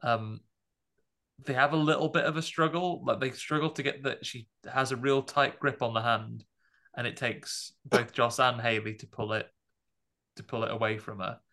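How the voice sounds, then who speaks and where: A man with a medium-pitched, bright and forceful voice, fairly even in intonation and moderate in pace, co-hosts a podcast. He chats casually and animatedly recounts scenes from horror films.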